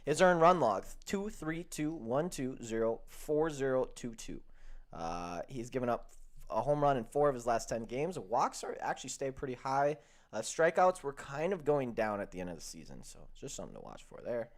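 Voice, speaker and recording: A man with a mid-range voice and wide pitch swings hosts a sports betting show. He chats casually and cracks jokes in an upbeat way, then rattles off stat lines quickly.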